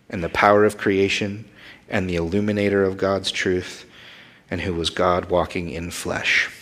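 A man's voice: mid-range voice, a bit bright. A man preaching a sermon, teaching through a Bible passage and acting out the people he quotes with sudden rises and drops in his voice.

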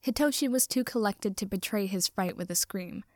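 A woman reading a story aloud with wry, even storytelling. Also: medium pitch, moderate pace, very noisy. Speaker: reader. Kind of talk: fan fiction reading.

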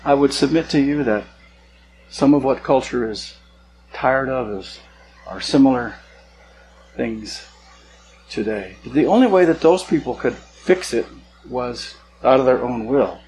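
A male pastor giving a sermon in a relaxed, conversational way, with casual asides, slowing down to stress key words. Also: mid-range voice, slight background noise, rough recording.

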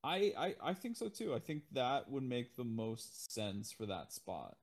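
Man, podcast co-host, animated casual chat, laughing, acts out lines. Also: mid-range voice, a little slow.

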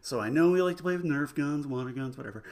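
A man's voice: on the high side, animated, fast, darkish tone. A man in his forties telling a rambling family story in casual chat, full of restarts and self-mocking humor. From United States.

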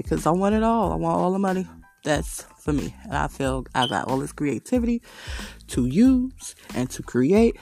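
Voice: mid-range voice, big pitch swings, normal speed, vocal fry, a little mellow, faint music behind. A podcast host telling rambling stories in a casual monologue, swearing constantly and laughing often. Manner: profane, rambling storytelling.

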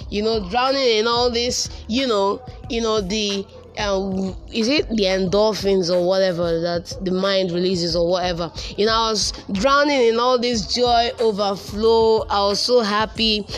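A young man with a Nigerian accent tells a casual personal story in a high voice, speaking animatedly and repeating words for emphasis.

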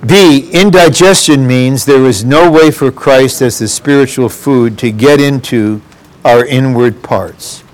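A man's voice: medium pitch, unhurried. A man preaching a sermon, earnest and addressing the congregation directly.

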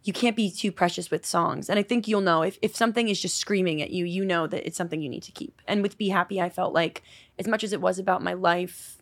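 A woman songwriter chats fast on a podcast, spinning stories with lively energy. She slips into the voices of the people she quotes. The sound is dry and close, with no room around her. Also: lowish voice, no room sound. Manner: animated storyteller acting out quotes. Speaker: songwriter guest. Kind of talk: casual podcast interview.

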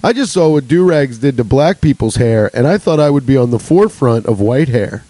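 A man's voice: mid-range voice, lively intonation, brisk, noisy background. A young adult man hosting a solo comedy podcast, rambling and swearing with laughs between jokes. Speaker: podcast host.

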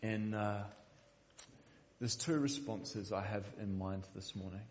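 A man's voice: fairly low pitch, fairly even intonation, takes it slowly, a little mellow, long reverb tail, dull audio, a little hiss or hum. A man preaching a sermon in a church, speaking earnestly and often repeating the first word of a sentence. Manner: earnest, repeats words when starting sentences. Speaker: pastor.

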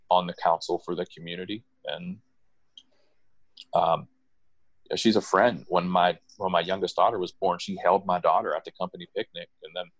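A middle-aged man from the United States telling personal stories in casual conversation, animated and often repeating or restarting words. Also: dry recording. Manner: animated, acts out quoted voices with jumps in pitch.

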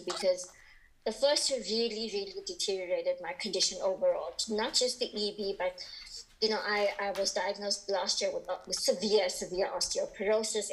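A woman's voice: medium pitch, a bit bright, rough recording. A woman speaking as a podcast guest in a casual interview, open and candid, chatty with lots of fillers.

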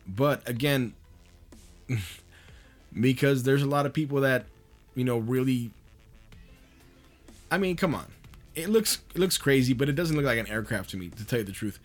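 A man hosting a podcast in a loose, profane monologue, laughing often as he talks. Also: mid-range voice. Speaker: podcast host.

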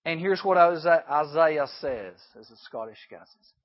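A man with a fairly high voice preaches to a room of junior high students. He keeps the talk lively with rhetorical questions and slips into quiet asides. The recording is dull and lo-fi. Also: normal speed. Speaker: youth speaker.

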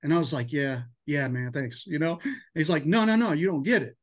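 A man's voice: on the high side, fairly quick. A man leading a sales team, giving an emotional, hype-filled motivational talk in a casual style full of "man" and "dude". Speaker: insurance sales team leader.

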